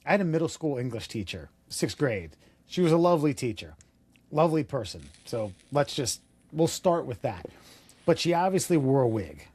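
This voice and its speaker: A man's voice: mid-range voice, big pitch swings, normal speed, darkish tone, slightly rough, no echo. A man co-hosting a podcast in casual chat, laid-back and swearing casually. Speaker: podcast co-host.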